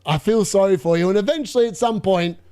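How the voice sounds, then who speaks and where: Excitable high-voiced man streaming. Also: quick pace, clean tone. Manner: excitable, gloating, laughs often, repeats himself. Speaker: fantasy football streamer hosting a live watchalong. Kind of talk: live stream commentary.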